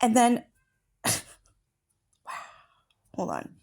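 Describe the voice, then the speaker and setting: Her fairly high voice swoops wildly in pitch, moving very slowly with a darkish tone. She runs an online true-crime commentary channel, voicing chat messages and cutting in with enraged, foul-mouthed, confrontational eruptions.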